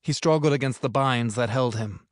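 A man's voice: medium pitch, normal speed, no room sound, clean studio sound. A man narrating an audiobook in an upbeat, playful manner, recorded in a booth. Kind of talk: scripted narration.

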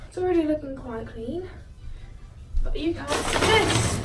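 A woman's voice: high-pitched, animated, normal speed. A woman vlogging while she cleans her messy bedroom, joking and talking to her belongings in goofy running commentary, recorded by a camera set across the room. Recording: echoey room, far from mic, music behind.

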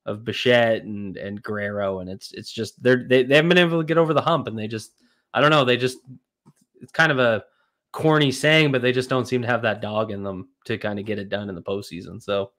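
A man with a Canadian accent, a guest analyst in casual sports chat, relaxed and hedging with many fillers. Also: fairly low pitch, a little fast.

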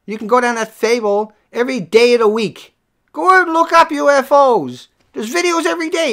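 Viewers get an angry, foul-mouthed rant from a livestream host whose voice drops to low muttering and then swells into yelling.

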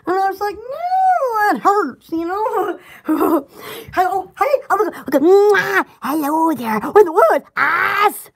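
A woman from Alabama chatting casually at home with her viewers, rambling and giggling, often restarting her sentences and breaking into excited exclamations. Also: very high-pitched, a little slow, gravelly. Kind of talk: casual chat.

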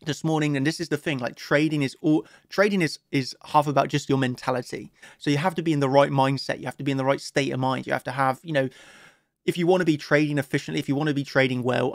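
Upbeat man with a gravelly voice. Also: on the high side, no echo, clean studio sound. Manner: chatty, upbeat, heavy use of "you know" fillers. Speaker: crypto trading analyst host. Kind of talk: casual chart analysis talk.

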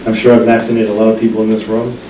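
Chatty middle-aged pharmacist lecturing in echoey room. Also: male voice, on the low side, level tone, racing, mellow, slight background noise. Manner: chatty storyteller with frequent restarts and ums. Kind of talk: humorous anecdotal lecture. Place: library meeting room. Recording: echoey room, distant mic.

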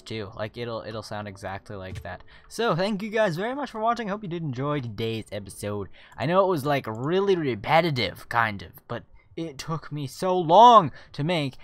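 A gaming video host chatting through a let's-play, excitable and rambling with restarts, tired. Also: medium pitch, dry recording. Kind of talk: casual let's-play commentary.

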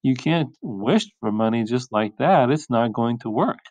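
A man voicing a sensible, doubtful father in a measured, lecturing way. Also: medium pitch, lively intonation, a little mellow, dry recording, natural voice.

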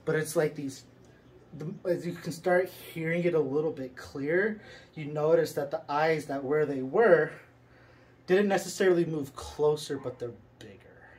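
A man's voice: fairly high pitch, moderate pace, darkish tone, low-quality recording. A man talking casually as he leads a listener through an imagined scene, loose and rambling with lots of filler words. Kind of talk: guided visualization in casual chat.

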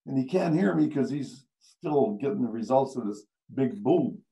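An older man, a veteran radio announcer, telling stories on stage at a live event, animated and acting out the people he quotes. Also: mid-range voice, normal speed, gravelly, rough recording. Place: live event before an audience.

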